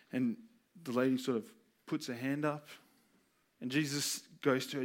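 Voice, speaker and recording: Earnest preacher with a higher voice. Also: male voice, fairly even intonation, moderate pace, fairly bright tone. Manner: earnest storytelling, acts out quoted voices. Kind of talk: sermon.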